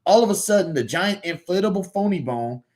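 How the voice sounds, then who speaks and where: A man's voice: sits high, animated, fairly quick, darkish tone, pitched above the performer's own voice. A man with a Southern US accent voicing an earnest, good-natured little male cartoon hero telling a story.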